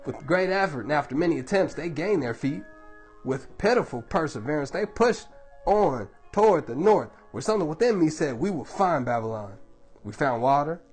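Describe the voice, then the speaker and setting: A man reading a book aloud to his baby, telling the story in a measured, dramatic way. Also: medium pitch, husky.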